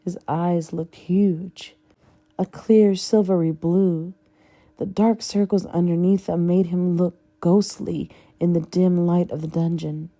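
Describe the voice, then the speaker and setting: Woman, audiobook narration, husky, slow, measured. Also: lowish voice, steady tone, warm tone. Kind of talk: audiobook fanfiction reading.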